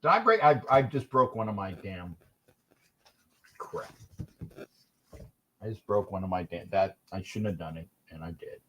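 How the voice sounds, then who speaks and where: A man's voice: low-pitched, lively intonation, moderate pace, long pauses, a bit bright, a little hiss or hum. A man hosting a casual livestream from home, grumbling and irritated, often repeating and restarting his phrases. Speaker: livestream host.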